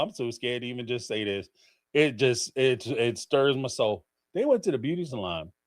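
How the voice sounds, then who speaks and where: Middle-aged male host with a lively, high voice, theatrical and laughing in casual commentary. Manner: animated, theatrical, laughing storyteller. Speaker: host of a call-in livestream.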